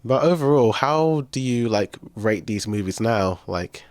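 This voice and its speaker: A man co-hosting a casual podcast chat, relaxed and asking questions, often saying "fair enough". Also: medium pitch, a little slow, no echo. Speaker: podcast co-host.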